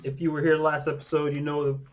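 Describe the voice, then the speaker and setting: A man's voice: a little high, completely flat delivery, fast. A man co-hosting a podcast, telling a trip story in a laid-back, casual way with the odd swear word. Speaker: podcast co-host. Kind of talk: casual chat.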